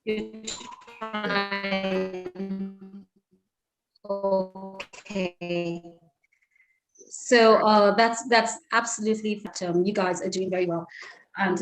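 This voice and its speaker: A woman's voice: medium pitch, steady tone, fairly quick, faint music behind. A woman hosting an interview, chatty and openly emotional, laughing often. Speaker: host. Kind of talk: casual interview. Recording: echoey room.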